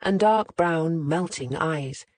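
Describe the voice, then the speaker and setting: Audiobook narrator, mid-pitched, measured scripted reading, close dry mic. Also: dry recording.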